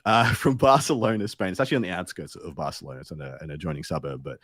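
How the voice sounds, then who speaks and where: Low-voiced, dry-sounding man cohosting. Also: a bit bright, husky, no echo. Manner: joking, breezy, drawn-out fillers. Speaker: co-host. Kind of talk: casual banter on a gaming show.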